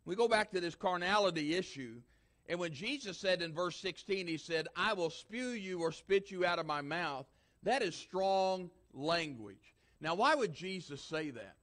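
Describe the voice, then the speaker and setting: High-voiced emphatic preacher. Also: male voice, expressive, normal speed, fairly bright tone. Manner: emphatic preacher, repeating lines with rising force. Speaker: pastor. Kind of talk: sermon.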